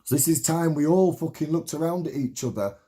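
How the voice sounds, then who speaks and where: A man in his late thirties delivers an impassioned monologue to camera, full of swearing and repetition. His voice sits high for a man yet sounds warm and soft-edged rather than bright. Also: a little fast. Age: 30s. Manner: heated, swearing, repetitive rallying rant.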